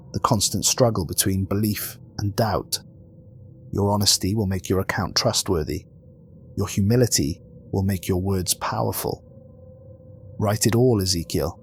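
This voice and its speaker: A man voicing a calm, commanding archangel who speaks gently but with solemn, measured authority. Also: fairly low pitch, slight background noise, close to an everyday voice. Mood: warm.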